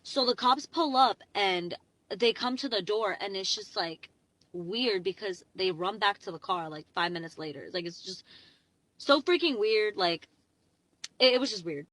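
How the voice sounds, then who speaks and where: A young woman telling a storytime vlog into her phone from her parked car, rambling and excitable, packing her talk with "like". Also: medium pitch, measured pace, no room sound, rough recording. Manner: chatty, rambling, heavy "like" fillers, excitable. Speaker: vlogger.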